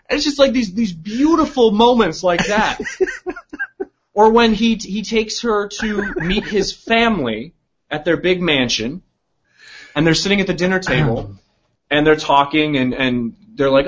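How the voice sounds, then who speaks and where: Husky man animatedly retelling a film. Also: sits high, unhurried, pauses often, lo-fi sound. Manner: animated storyteller acting out scenes. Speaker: podcast co-host. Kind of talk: casual comedic movie review chat.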